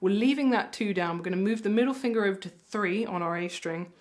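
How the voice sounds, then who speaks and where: A woman's voice: medium pitch, fast, over loud music. Encouraging woman teaching ukulele over playing. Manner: friendly, encouraging, counts beats aloud. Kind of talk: music lesson with counting along. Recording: ukulele playing loudly behind.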